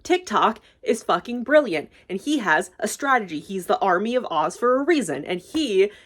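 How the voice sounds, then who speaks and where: A woman's voice: medium pitch, big pitch swings, normal speed, fairly bright tone. Young woman gushing through a movie recap. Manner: rambling, gushing, swears freely, many fillers. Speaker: YouTuber.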